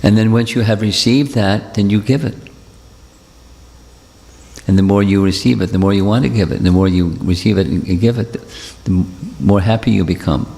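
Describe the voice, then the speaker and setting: A man giving a devotional talk and answering questions, speaking in a gentle, repetitive, reassuring way. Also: fairly low pitch, moderate pace, vocal fry. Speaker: spiritual teacher. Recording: long hall reverb.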